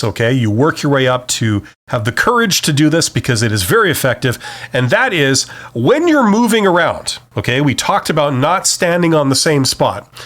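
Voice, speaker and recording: A man hosting a solo advice podcast, speaking off the cuff and checking in with "okay?" after each point. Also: fairly high pitch. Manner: animated, says "okay?" after most points; varies volume and speed to demonstrate. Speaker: podcast host. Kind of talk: unscripted solo advice talk.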